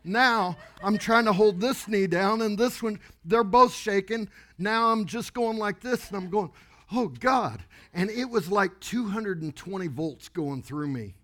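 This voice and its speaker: A man preaching, with a bright, ringing tone and a fairly high pitch. He tells his story slowly and with exuberance, laughing often. The sermon is addressed to a church congregation. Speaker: pastor. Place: church sanctuary before a congregation.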